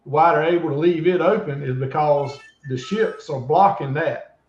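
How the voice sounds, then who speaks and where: A man chatting on a livestream, talking haltingly with many ums and restarts. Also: a little high, a crowd in the background. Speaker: livestream guest. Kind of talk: casual chat. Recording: dull, roomy audio.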